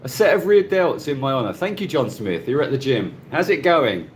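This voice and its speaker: Man, middle-aged, casual live stream host, lively up-and-down voice, faint background hum. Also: medium pitch, moderate pace. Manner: chatty, greets viewers by name, laughs often. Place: Cebu, Philippines. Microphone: phone.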